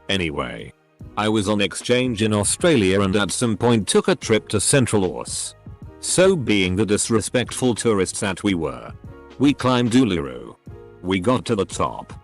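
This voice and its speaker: Low-voiced man reading stories over music. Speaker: narrator reading forum posts. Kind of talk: scripted narration.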